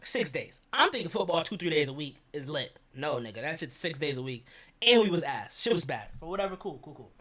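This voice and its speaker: A man's voice: on the high side, brisk. Young man telling a slangy story. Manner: animated, slangy and profane, acts out quoted people. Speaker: vlogger.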